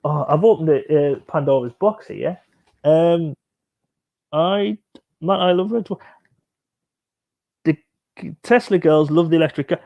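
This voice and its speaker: A man's voice: on the high side, unhurried, long pauses, highs cut off. A man hosting a casual live stream, joking and chatting as he reacts to music videos and reads out viewer comments.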